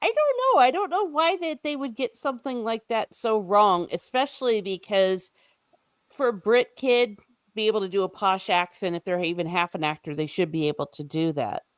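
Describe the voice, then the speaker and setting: A woman co-hosting a podcast in casual chat, animated and playfully scolding. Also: mid-range voice, moderate pace, dry recording, clean studio sound. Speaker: podcast co-host.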